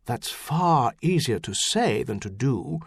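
A man's voice: medium pitch, lively intonation, takes it slowly, creaky, slightly rough, no room sound, full character voice. A man reading an audiobook, voicing a pious, earnest treasurer who explains things urgently. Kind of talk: audiobook character voice.

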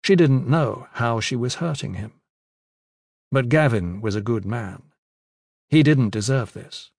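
A man reading a story aloud in measured, even narration. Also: medium pitch, dry recording, studio quality. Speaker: audiobook narrator. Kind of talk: scripted narration.

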